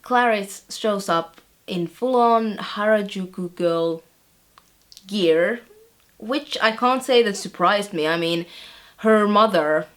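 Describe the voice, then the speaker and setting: A young woman plays a bemused teenage girl telling her camera about the students she tutors. Her voice sits at an ordinary middle pitch, and her telling is chatty and wry, dotted with fillers. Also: takes it slowly, lightly acted. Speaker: vlogger. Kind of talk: scripted vlog-style monologue.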